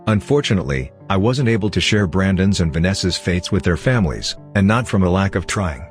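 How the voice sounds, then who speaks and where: A man reading a first-person horror story aloud in a grave, measured way. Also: low-pitched, expressive. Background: faint background music.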